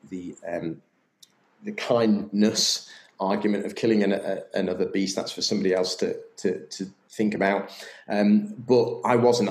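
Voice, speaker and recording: A man's voice: lowish voice, a little mellow. A man in casual conversation, candid and enthusiastic, swearing freely. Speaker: podcast guest, yoga business owner. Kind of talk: casual chat. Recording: roomy echo.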